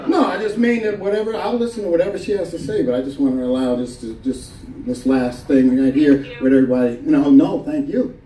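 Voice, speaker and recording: A man performing a stand-up comedy set on a club stage, telling stories animatedly and jumping into high voices for the people he quotes. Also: brisk, dark tone, far from the mic, slight background noise. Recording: roomy live club recording, crowd laughter.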